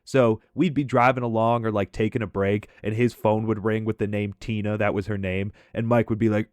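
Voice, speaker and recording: A man casually telling funny stories about an old coworker as commentary over gameplay, talking in a lively, profane way. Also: fairly low pitch, fairly quick, few pauses, smooth, no echo, studio quality. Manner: animated, profane, conversational. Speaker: gaming commentator and storyteller.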